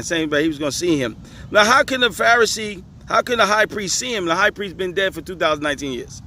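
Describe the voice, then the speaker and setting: Emphatic man, on the higher side, reading and commenting outdoors with traffic behind; quick to laugh. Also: animated, sharp tone. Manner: laughing, emphatic, talks back to the page. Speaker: religious commentator. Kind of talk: reading questions aloud with commentary. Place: outdoors on a hot day, traffic nearby.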